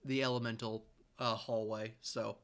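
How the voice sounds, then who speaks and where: A man's voice: lowish voice, little pitch movement, normal speed, a bit bright. A man playing in a tabletop game over a call, casually summing up the group's plans. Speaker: player.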